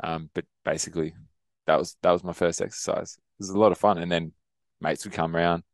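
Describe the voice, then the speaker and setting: A man's voice: low-pitched, steady tone, a little fast, no echo, clean studio sound. A young man co-hosting a podcast, rambling through stories, laughing often and swearing casually. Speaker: podcast co-host. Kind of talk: casual chat.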